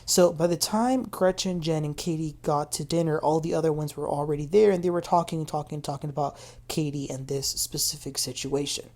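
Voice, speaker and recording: A woman's voice: deep voice, steady tone, a little fast, hardly any pauses, a little mellow. Chatty woman gossiping through a show recap. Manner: chatty and gossipy, addresses viewers as "you guys". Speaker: TV recap host. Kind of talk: casual reality-show recap.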